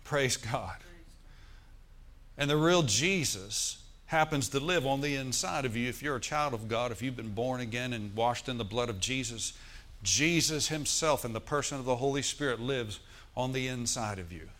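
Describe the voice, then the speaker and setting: A man preaching a sermon in a church. He speaks at an ordinary middle pitch and often turns to the congregation with questions for them to answer. He slows down to lead them through scripture line by line. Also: a bit bright. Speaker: pastor.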